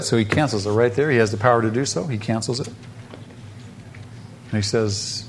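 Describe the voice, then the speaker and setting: A man preaching a sermon, asking the listeners questions and swinging between loud emphasis and soft drops. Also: medium pitch, fairly quick, slight background noise.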